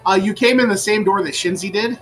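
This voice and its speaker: A man narrating as game master of a tabletop game, pausing often with ums and uhs. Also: high-pitched, fairly bright tone, soft background music, poor audio. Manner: halting, with many ums and uhs.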